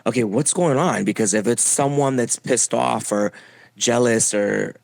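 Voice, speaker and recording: A young adult man from Puerto Rico telling his own story as a podcast guest, halting with frequent fillers and restarts. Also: medium pitch, vocal fry, darkish tone, no room sound. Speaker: interview guest. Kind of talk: personal testimony.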